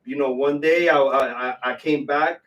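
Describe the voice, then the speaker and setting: A man tells his business story in a loose podcast chat, his pitch sitting right in the middle. He strings steps together in quick lists. His voice is picked up from a little way off the microphone. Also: fairly even intonation, a bit bright, distant mic, lo-fi sound. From New York. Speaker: business owner guest. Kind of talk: casual interview chat.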